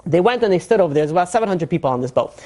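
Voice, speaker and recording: Rapid-fire male rabbi narrating a story to his listeners; animated, casual fillers. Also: high-pitched. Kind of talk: storytelling sermon.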